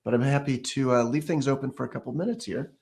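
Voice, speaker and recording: A man's voice: medium pitch, fast talker, creaky, a little mellow. A man giving a casual ukulele lesson, explaining step by step and counting beats or scatting rhythms aloud as he plays. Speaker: ukulele teacher. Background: ukulele playing.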